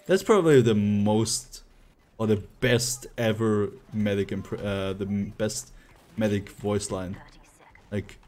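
A man's voice: on the low side, slow, darkish tone. A man streaming live gameplay, playfully chatting with viewers and laughing often.

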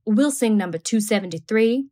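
A woman reading aloud, voicing a man who leads a church song by chanting each line slowly. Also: on the high side, lively intonation, mellow, lightly acted. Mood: solemn. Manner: slow, drawn-out chanting. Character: church song leader man lining out hymn verses.

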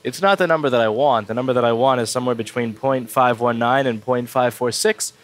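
A man's voice: medium pitch, fairly quick. A man with a stuffy cold walking through a circuit board repair at his workbench, blunt and swearing when annoyed. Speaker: repair technician. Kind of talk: casual repair walkthrough.

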